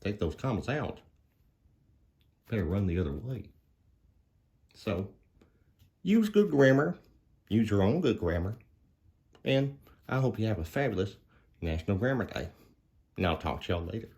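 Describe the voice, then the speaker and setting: A man's voice: on the low side, animated, moderate pace, long pauses, darkish tone. A man voicing a folksy male dog grammar professor, giving an easygoing puppet-show lesson. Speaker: teacher.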